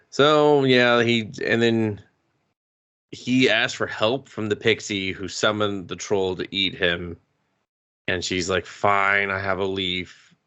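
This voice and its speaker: A man co-hosting a podcast, casually retelling a movie with swearing and quick put-on voices. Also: low voice, fairly bright tone, muffled recording. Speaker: podcast co-host. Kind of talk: casual movie review chat.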